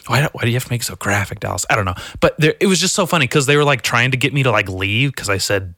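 A young man rambling through a profane, self-mocking comedic monologue as a solo podcast host, now and then mimicking people in a squeaky voice. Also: lively intonation, very fast, hardly any pauses, bright, forceful tone, dry recording, clean studio sound.

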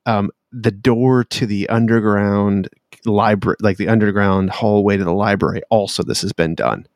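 A man's voice: lowish voice, steady tone, normal speed, dry recording, clean studio sound. A man narrating as game master of a tabletop game, talking hesitantly with many fillers.

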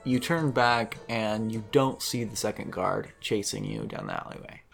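A man's voice: on the low side, normal speed, creaky, soft background music. A man narrating a tabletop game as game master, chatty and laughing often.

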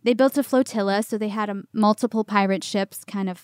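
A woman co-hosting a casual storytelling chat, animated, laughing often and swearing casually. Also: medium pitch, fairly quick, smooth, no room sound, studio quality. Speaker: podcast co-host.

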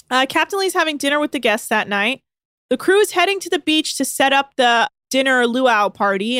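A woman co-hosting a podcast in casual chat, animated and sweary with quick asides. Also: high-pitched, dry recording, clean studio sound. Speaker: podcast co-host.

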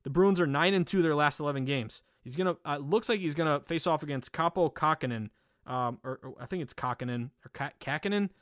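A man with a Boston accent hosting a solo sports betting podcast, talking energetically with lots of fillers and quick self-corrections. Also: a little high, no echo, clean studio sound.

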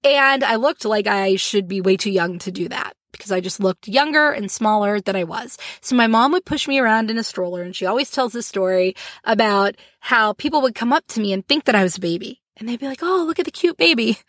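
A woman hosting a solo podcast, talking in an animated way with frequent laughs and acted-out little scenes. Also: mid-range voice, brisk, no echo, studio quality. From Florida, US. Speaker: podcast host.

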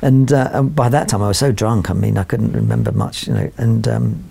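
A man with a gravelly, dark-toned voice tells anecdotes at a brisk clip. He rambles, restarts his sentences and leans on "you know" as he goes. The pace stays quick throughout. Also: fairly low pitch. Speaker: portrait photographer, guest. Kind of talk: anecdotal storytelling.

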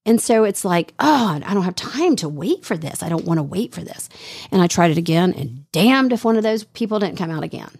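A woman's voice: lowish voice, fairly quick, breathy edge, no echo, clean studio sound. A middle-aged woman co-hosting a radio show, telling a story in casual chat and acting out the quotes. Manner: animated storyteller, acts out quotes.

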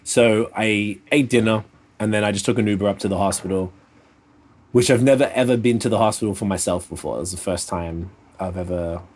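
Husky low dude rambling on a call, swears a lot, kinda flat cause he's hurting. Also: fairly quick. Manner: laid-back, swears often, rambling. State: in pain, a little flat. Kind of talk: casual storytelling chat. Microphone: video call.

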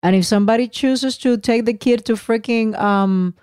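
A woman's voice: on the high side, moderate pace, a little mellow, clear, resonant tone, no echo. Female podcast co-host, emphatic and repetitive, dry close sound. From Puerto Rico. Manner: emphatic, repeats words for effect. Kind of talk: casual chat.

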